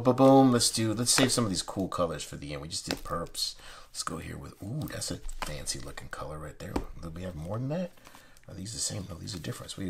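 Cards click and shuffle in the background of this noisy recording as a young host of a playing card channel opens a new deck. His very low voice is creaky, and his casual, excited chatter now and then drops almost to a whisper.

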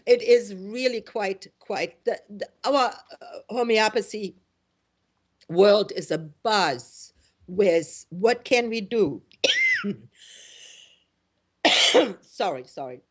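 A woman's voice: medium pitch, animated, slow, long pauses, darkish tone. A middle-aged woman from Germany hosting a radio talk show, talking in an indignant, emphatic way with many fillers and restarts. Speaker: host.

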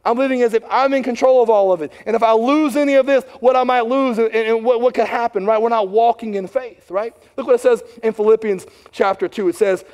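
A middle-aged male pastor delivering a sermon with a notably high-pitched voice. He talks conversationally and keeps turning to his listeners with questions. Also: fairly even intonation, fairly quick, few pauses, darkish tone. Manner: conversational, asks the congregation questions.

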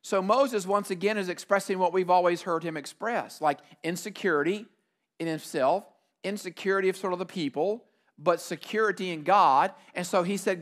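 A middle-aged male pastor delivers a sermon in a fairly high voice. He speaks emphatically, repeating key phrases for weight and acting out quoted prayers. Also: moderate pace, fairly bright tone.

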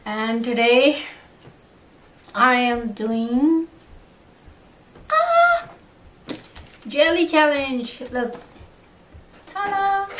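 A young woman with a Nepali accent, chatting casually in a food-tasting vlog and switching between English and Nepali. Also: high-pitched. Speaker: vlogger. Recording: roomy, distant mic, faint noise.

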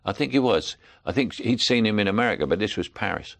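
Older Cockney man telling lively stories. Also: on the low side, fast talker, creaky. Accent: London Cockney. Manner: animated storyteller, laughs often. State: jet-lagged. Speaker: guest actor. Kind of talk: anecdotal interview chat.

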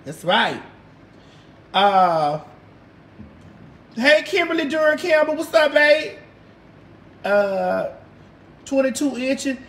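A woman hosts a casual livestream, chatting with viewers in a brash, sassy drawl and cussing a lot. Her voice is high and sing-song, her pace slow with frequent pauses, and the recording has a roomy echo.

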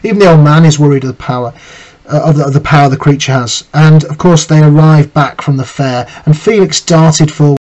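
A man's voice: a little high, steady tone, brisk, darkish tone, muffled recording. A male teacher giving a literature lesson, reading quotes aloud and analysing them, with frequent fillers and restarts. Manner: thoughtful, frequent "you know" fillers and restarts.

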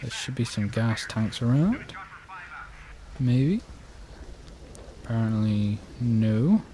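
Lively British man narrating gameplay. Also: medium pitch, slow, slight background noise. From Britain. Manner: chatty, jumps between mutters and sudden exclamations. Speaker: let's play gamer. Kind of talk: gameplay commentary.

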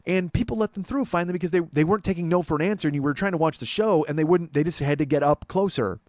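A man in his forties hosting a comedy podcast, telling a story in an exasperated, profane, animated way. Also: fairly high pitch, fast talker, dry recording. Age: 40s. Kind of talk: storytelling monologue.

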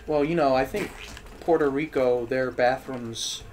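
A young man giving crude, excitable casual commentary while playing a video game, swearing a lot. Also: medium pitch, a little slow, slight background noise. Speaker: let's play host.

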